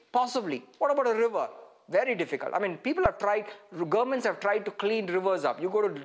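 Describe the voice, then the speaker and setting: Male pastor preaching a sermon in a high voice, animated, full of rhetorical questions.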